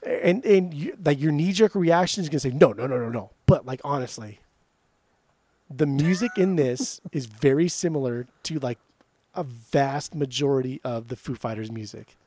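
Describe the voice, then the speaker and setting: A man co-hosting a casual chat, animated and profane, laughing often. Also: on the high side, normal speed, no echo. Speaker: podcast co-host.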